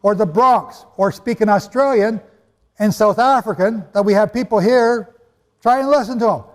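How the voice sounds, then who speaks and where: High-voiced man preaching in a reverberant hall. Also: normal speed. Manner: emphatic, conversational, quizzes the audience. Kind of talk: sermon-style teaching to a live audience. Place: large hall with an audience.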